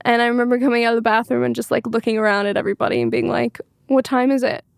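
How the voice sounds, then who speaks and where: A woman with a fairly high voice talks candidly as an interview guest. She rambles openly and leans on filler words. The sound is close and dry, with no room echo. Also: rapid-fire, vocal fry. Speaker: singer-songwriter guest.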